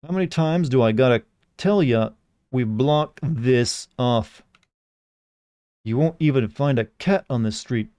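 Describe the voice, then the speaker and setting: A gruff, worn-out cop, read by a man, brushes people off with impatience. The voice sits close and dry, with no echo. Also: medium pitch, measured pace, mellow, natural voice. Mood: impatient. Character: gruff worn-out male cop blocking a street.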